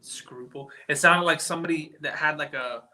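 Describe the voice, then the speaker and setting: A man investigating an old building, talking excitedly and rambling with lots of fillers, sometimes dropping to a whisper. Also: on the high side, moderate pace. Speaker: paranormal investigator. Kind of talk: live on-location ghost hunt. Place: walking through an old building indoors.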